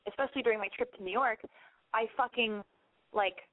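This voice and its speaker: A young woman co-hosts a call-in show in casual, playful chat. She talks fast and swears freely. The sound is narrow and phone-like. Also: fairly high pitch, no echo. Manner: bubbly, quick, swears, playful. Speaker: radio call-in co-host.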